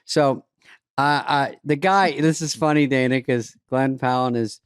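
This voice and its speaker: A man's voice: mid-range voice, steady tone, moderate pace, clean tone, no room sound, clean studio sound. A man co-hosting a podcast, trading sarcastic, rambling comic riffs in casual chat. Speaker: podcast co-host.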